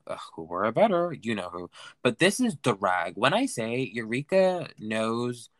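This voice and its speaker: A man hosting a solo recap podcast, talking in a campy, chatty way that swings between loud gushing and mumbled asides. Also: medium pitch, big pitch swings, measured pace, no room sound. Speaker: podcast host.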